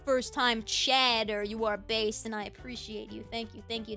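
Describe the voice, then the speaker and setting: A woman's voice: a little high, steady tone, moderate pace, bright, forceful tone, soft background music. An American woman with a Valley Girl accent, chatting casually on a live stream and giggling as she reads chat. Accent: Californian Valley Girl. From United States. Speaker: VTuber streamer.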